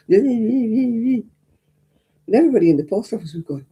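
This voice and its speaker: A woman's voice: on the high side, lively intonation, normal speed, pauses often, mellow, breathy edge. An older woman, chatting casually as host of a crafting livestream and rambling through anecdotes. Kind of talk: casual chat.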